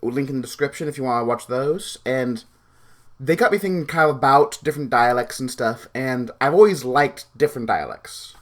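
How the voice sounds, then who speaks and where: A man's voice: mid-range voice, fairly bright tone. A young man with a Pacific Northwest American accent, chatting casually in a vlog and reading out a word list. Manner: chatty, rambling with fillers. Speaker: vlogger.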